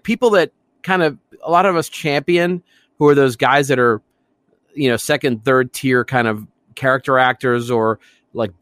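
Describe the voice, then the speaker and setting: A man's voice: medium pitch, fairly bright tone, dry recording, clean studio sound. A man co-hosting a movie podcast, chatting casually and enthusiastically about films, rambling with restarts. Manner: enthusiastic, rambling, laughs often. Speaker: podcast co-host.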